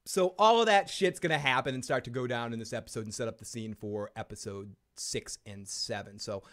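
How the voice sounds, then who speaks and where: A man's voice: medium pitch, fairly quick, a bit bright. A man hosting a video show, giving casual, profane, joking reaction commentary and laughing often. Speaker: YouTube show host.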